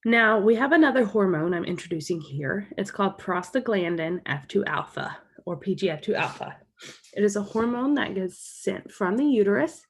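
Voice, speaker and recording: A woman's voice: medium pitch, animated, moderate pace, husky. A woman explaining a topic as a college lecturer in a recorded lecture, walking through slides and recapping key points.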